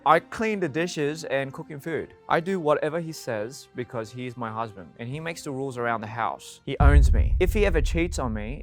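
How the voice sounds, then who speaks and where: A man reading fan tweets aloud and reacting to them, amused and playful and laughing often. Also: medium pitch.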